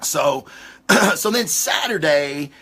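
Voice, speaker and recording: Excitable, cursing male host with a bright voice. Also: fairly high pitch, takes it slowly, husky. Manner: rambling, excitable, heavy cursing. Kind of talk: casual monologue.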